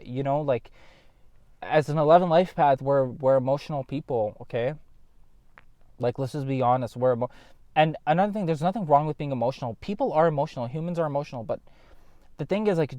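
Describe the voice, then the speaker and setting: A man's voice: mid-range voice, a little mellow, dry recording. A man in a casual vlog monologue, talking bluntly and rambling, swearing often and addressing viewers directly. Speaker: vlogger.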